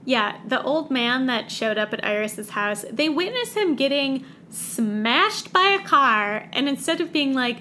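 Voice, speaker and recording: Woman podcaster, higher voice, sarcastic recap, faint background hiss. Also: very animated, bright, forceful tone. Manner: sarcastic, acts out characters in quick voices. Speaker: podcast co-host recapping a book. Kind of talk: casual chat.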